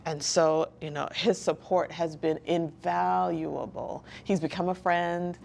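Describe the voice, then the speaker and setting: A woman talking as an interview guest, earnest and reflective, with pauses and restarts. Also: lowish voice, steady tone, creaky, darkish tone, slight background noise. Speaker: guest, licensed counselor. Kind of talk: candid personal interview talk.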